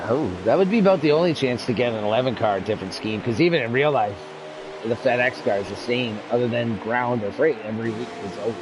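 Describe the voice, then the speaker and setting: A talkative man picks apart tire wear and pit timing as a co-commentator, in an ordinary mid-range voice. Game engine noise roars clearly beneath his talk. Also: mid-range voice, fast talker. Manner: chatty, analytical about tires and strategy. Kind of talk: casual live commentary.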